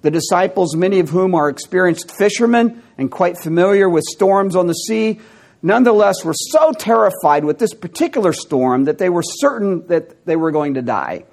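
A man's voice: high voice, expressive, moderate pace, vocal fry, darkish tone. A man preaching a teaching sermon, with wry asides and bursts of amusement. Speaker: pastor.

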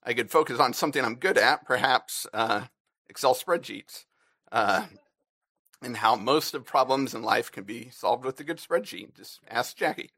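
A man giving a personal reflection to a church congregation, earnest and a little halting. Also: mid-range voice, expressive, bright, forceful tone, no echo, studio quality. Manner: earnest, halting with fillers, briefly emotional.

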